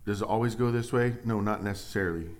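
A middle-aged man preaching a sermon, animated and joking, who reads scripture aloud with rising emphasis. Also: fairly low pitch, fast talker. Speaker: pastor.

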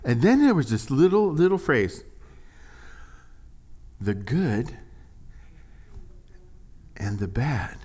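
A man preaching a sermon, animated and jokey, swinging from quiet asides to loud, high exclamations. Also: slow, long pauses, breathy edge. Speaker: pastor.

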